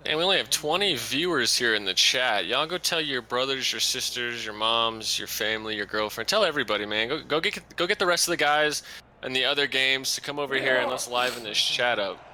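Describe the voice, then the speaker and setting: A man's voice: medium pitch, a little fast, few pauses, bright, forceful tone. A man doing color commentary on a simulated football game, talking casually with lots of fillers and restarts. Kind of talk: live esports football commentary.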